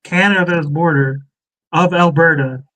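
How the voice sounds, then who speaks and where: A man's voice: fairly high pitch, fairly even intonation, measured pace, a bit bright, rough recording. A man in a casual podcast chat, asking plain questions and joking. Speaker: podcast co-host.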